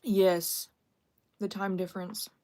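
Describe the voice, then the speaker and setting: A woman's voice: mid-range voice, flat delivery, slow, mellow. A young woman chatting casually on a live stream, self-deprecating and thanking viewers as she talks.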